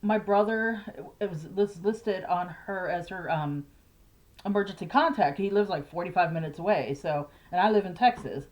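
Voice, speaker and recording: A woman's voice: on the low side, normal speed, a little mellow. A middle-aged woman vlogging casually about her grief, rambling and hesitant, with nervous laughs. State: grieving. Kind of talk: casual personal vlog. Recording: slightly dull lo-fi audio.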